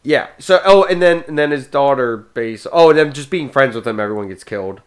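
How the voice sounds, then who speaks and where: A man hosting a podcast, chatting casually about movies in an excitable, rambling way. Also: medium pitch, a little fast, clear, resonant tone. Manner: excitable and rambling, jumps between thoughts. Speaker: podcast host.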